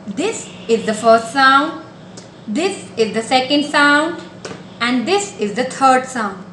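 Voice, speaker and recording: A woman runs a nursery class, speaking to small children in a patient, coaxing sing-song and repeating simple instructions. Her voice is high, expressive, slow and a bit bright. The room echoes, with slight background noise.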